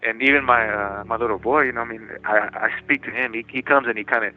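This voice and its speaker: A man telling his own story over a prison phone call, talking in quick bursts with many restarts and laughing now and then. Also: mid-range voice, fairly even intonation. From United States. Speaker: incarcerated interviewee. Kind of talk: phone interview, personal storytelling. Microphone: telephone. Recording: tinny prison phone line.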